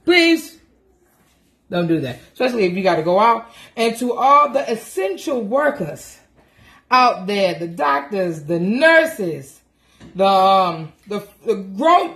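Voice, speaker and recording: A woman's voice: medium pitch, very animated, a little slow, a bit bright. A woman and mother chatting casually to camera from her home kitchen, joking and laughing through her words. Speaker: mother and vlogger.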